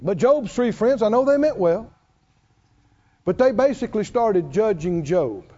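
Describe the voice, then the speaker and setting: A man preaching a sermon, conversational and animated, drawing call-and-response from the congregation. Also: high voice, unhurried, long reverb tail, dull audio. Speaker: pastor.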